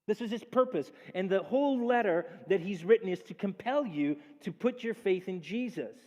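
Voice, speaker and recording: A man preaching a sermon as a pastor, lively and acting out the voices in the stories he tells. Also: sits high, normal speed. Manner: animated preaching, acts out quoted speech. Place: church sanctuary. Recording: long church reverb.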